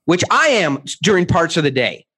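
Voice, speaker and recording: A man speaking as a guest author in an interview, emphatic and animated, acting out quotes with many restarts. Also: high-pitched, fairly quick, breathy edge.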